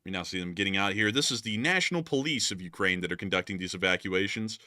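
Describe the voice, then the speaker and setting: A man's voice: low-pitched, quick pace, pushed and bright, dry recording, studio quality. A man hosting casual war news commentary, explaining footage and cracking jokes as he goes. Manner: joking, laughs often, explains as he goes.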